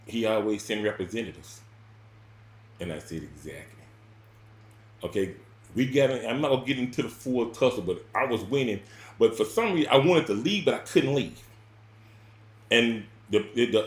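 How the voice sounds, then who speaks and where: This man's pitch sits fairly low, and the room is echoey. His casual personal story wanders and repeats words, jumping abruptly from loud outbursts to quiet moments.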